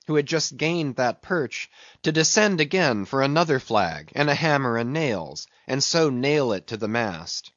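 A man's voice: mid-range voice, fairly bright tone, dry recording, lo-fi sound. Man narrating an audiobook, dry sound. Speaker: audiobook reader. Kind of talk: scripted narration of a classic novel.

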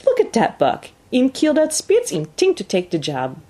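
A reader voicing an excitable French-Canadian male dog driver in a storybook, with a thick dialect and a boastful, shouting delivery. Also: high-pitched, moderate pace, pitched above the performer's own voice, heavily acted. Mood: gleeful.

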